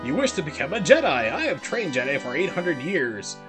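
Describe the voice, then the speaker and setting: A man's voice: on the high side, big pitch swings, fairly quick. A man putting on the voice of an ancient, tiny male alien Jedi master who speaks solemnly with scrambled word order, over faint game music.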